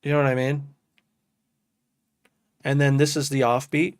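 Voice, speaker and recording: A man's voice: medium pitch, level tone, unhurried, long pauses, clean tone, no echo. Casual man, dry close mic, "dude" talk. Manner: loose and enthusiastic, says "dude" a lot. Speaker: music producer streaming to chat. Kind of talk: casual live-stream chat.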